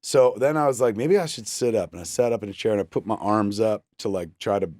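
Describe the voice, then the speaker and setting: Speaking quickly in a lowish voice, a talk-show guest in his forties swears his way through an animated story, performing the quotes of the people involved. The studio mic captures him with no echo.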